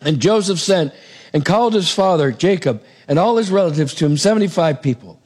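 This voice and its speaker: A middle-aged man preaching a sermon, retelling a Bible story in a lively way and acting out the characters' voices. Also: fairly high pitch, brisk.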